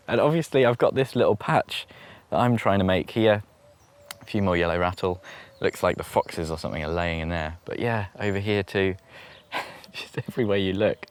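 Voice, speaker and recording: A man talking casually to camera as he tours his outdoor allotment, chatty and rambling and laughing often, recorded on a handheld camera. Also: fairly low pitch. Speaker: allotment vlogger. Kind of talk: casual talk to camera while touring a garden plot.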